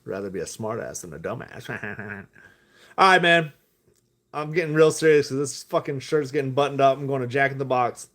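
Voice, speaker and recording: A man's voice: mid-range voice, lively intonation, normal speed, fairly bright tone. A man talking casually on a live stream about stocks, loose and profane, drifting off topic with laughing asides. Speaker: stock-talk vlogger. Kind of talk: rambling live stream chat.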